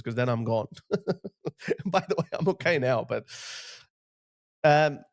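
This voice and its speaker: A man delivering an opinionated political monologue to his viewers, blunt and emphatic, with quick asides and short chuckles. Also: medium pitch. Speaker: political commentator.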